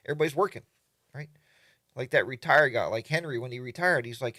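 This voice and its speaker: Brief: older male livestream host, chatty and animated, dry close sound. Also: mid-range voice, fast, no echo. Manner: animated, mimics other riders in exaggerated voices. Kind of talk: casual live chat reading viewer comments.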